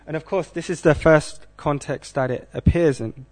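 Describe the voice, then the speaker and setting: Man giving a measured scripture class. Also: fairly high pitch, a little mellow. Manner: measured, asks the audience questions. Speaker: class speaker.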